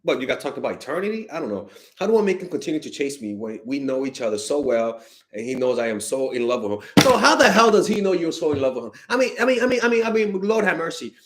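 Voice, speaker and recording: A young man coaches fans on dating in a loose, unscripted stream. His voice sits fairly high and swings widely, and his delivery is blunt and exasperated, with casual swearing. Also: very animated, quick pace. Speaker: dating coach answering fan questions. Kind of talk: casual livestream advice.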